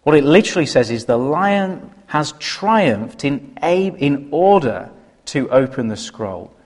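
A man's voice: a little high, sing-song, measured pace. A man preaching a sermon, emphatic and full of rhetorical questions. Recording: reverberant hall.

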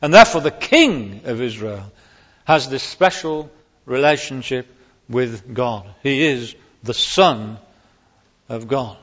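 A man's voice: mid-range voice, lively intonation, takes it slowly, a bit bright. A man preaching a sermon on a psalm, stressing key words emphatically and rising sharply on them. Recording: long hall reverb, dull lo-fi sound.

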